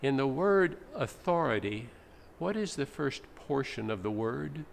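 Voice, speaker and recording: With big swings in his medium, gravelly pitch and few pauses, a pastor preaches a little slowly. He teaches by explaining and reading dramatically in a church sanctuary, the recording echoey with faint noise.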